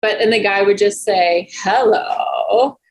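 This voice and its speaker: Woman, filmmaker guest, casual chat, animated, laughs easily, video call mic. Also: medium pitch, normal speed, low-quality recording.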